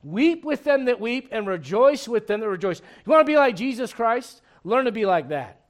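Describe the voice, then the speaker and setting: High-voiced animated preacher man. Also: moderate pace. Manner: animated preaching with humor and rhetorical questions. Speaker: pastor. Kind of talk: sermon.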